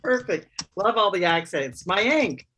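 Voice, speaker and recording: Lively bright-voiced woman hosting a call. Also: mid-range voice. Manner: upbeat, brisk, calls on each guest. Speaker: host. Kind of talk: online networking meeting. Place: video call.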